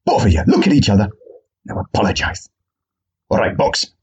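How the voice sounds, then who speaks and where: A man putting on a fussy, prim boxing referee who scolds two fighters in a high, prissy voice. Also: wildly swooping pitch, a little fast, breathy edge, muffled recording, heavily acted. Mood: scolding.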